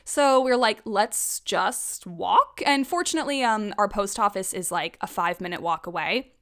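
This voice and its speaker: A young woman hosting an astrology podcast, telling weekend stories in a chatty, animated way with some swearing. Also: mid-range voice, brisk, clean tone. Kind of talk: casual chat.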